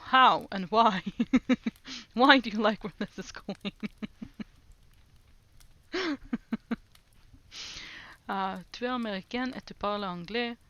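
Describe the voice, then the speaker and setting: A woman's voice: medium pitch, slow pace, pauses often, pushed and bright, no room sound. A woman streamer chatting casually while doing language lessons, repeating foreign phrases aloud and giggling often.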